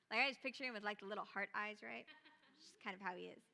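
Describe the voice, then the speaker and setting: A woman preacher delivering a sermon in a church, retelling scripture with lively, casual asides. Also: a little high, quick pace, in a large hall. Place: church auditorium.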